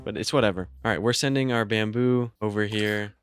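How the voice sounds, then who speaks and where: Young man, gameplay commentary, fairly low voice, excitable, self-mocking, thinks out loud. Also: a little fast, soft background music. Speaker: gaming YouTuber.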